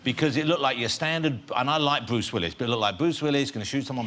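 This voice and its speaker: Quick-talking chat show host. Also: male voice, medium pitch, a bit bright, slight background noise. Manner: quick, chatty and teasing. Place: TV studio with audience.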